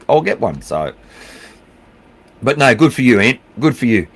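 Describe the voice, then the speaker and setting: A man's voice: mid-range voice, sing-song, normal speed, pauses often. Blunt Australian man chatting with viewers. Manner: blunt, swears freely, calls everyone mate. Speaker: livestream host. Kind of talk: casual chat reading out viewer comments.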